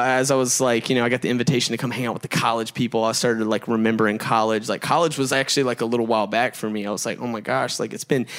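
A man, giving a humorous, chatty sermon to a live crowd with lots of fillers and self-deprecating asides. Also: medium pitch. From Georgia, United States. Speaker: preacher.

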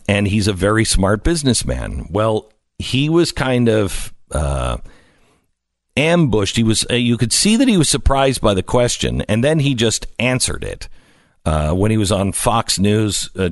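Lively talk radio man, dry sound. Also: fairly low pitch, no room sound. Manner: conversational, with frequent "uh" pauses. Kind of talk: radio monologue and ad reads.

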